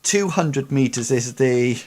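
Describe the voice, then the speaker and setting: A man acts as game master in a tabletop game played online. He talks hesitantly, full of ums and restarts, at an ordinary middle pitch. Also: animated, takes it slowly, a little mellow.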